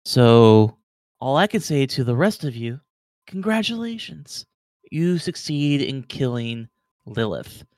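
A man voicing an ancient, weary guardian being who speaks slowly and softly. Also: medium pitch, big pitch swings, no room sound. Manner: slow, soft, world-weary, dry.

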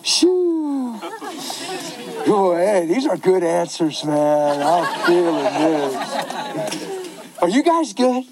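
A man's voice: high voice, sing-song, drawn-out words, pauses often, a crowd in the background, low-quality recording. A man pastor answering questions in a passionate, emotional preaching style.

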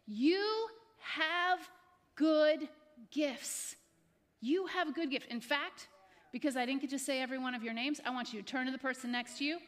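Speaking fast in a high, somewhat bright voice, a woman pastor delivers a sermon to a live church congregation. Her preaching is exhorting and repetitive, and she addresses members by name.

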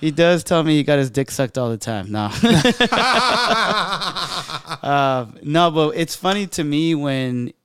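A man's voice: a little high, big pitch swings, a bit bright, clear, resonant tone, no room sound, clean studio sound. A man hosting a casual podcast chat, reacting briefly, laughing often and joking back. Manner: quick to laugh, short reactions, joking asides. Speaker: podcast host.

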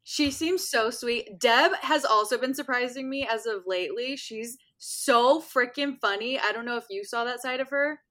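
Upbeat higher-voiced woman host. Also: moderate pace, few pauses, bright, forceful tone. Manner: upbeat, eager questioning. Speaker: podcast host. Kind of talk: casual interview.

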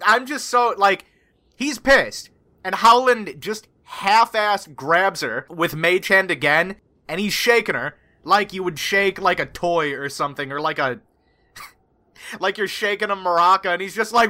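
A player describing their character's actions in a tabletop game, animated and laughing often. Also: medium pitch. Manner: animated, laughing, drawn-out speech. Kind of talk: casual tabletop role-play.

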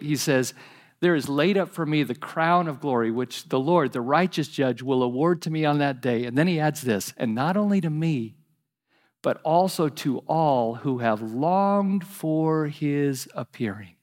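Man, pastor, sermon, fairly high voice, earnest, softens to near-hush on repeated pleas. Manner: earnest, animated preaching with quoted scripture and soft pleading repetitions.

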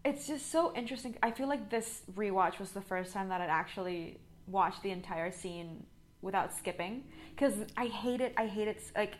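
A woman's voice: medium pitch, moderate pace. Earnest woman co-host. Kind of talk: casual chat.

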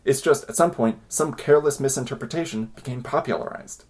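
Wry, quick-talking male podcast host. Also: mid-range voice, darkish tone. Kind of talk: casual podcast chat.

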